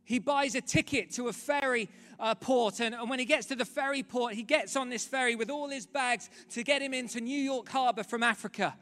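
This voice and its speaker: High-voiced pastor preaching. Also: male voice, a little fast, hardly any pauses. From London, England. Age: 30s. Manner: dramatic storytelling, swinging from loud to hushed. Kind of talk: sermon. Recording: reverberant hall, faint music.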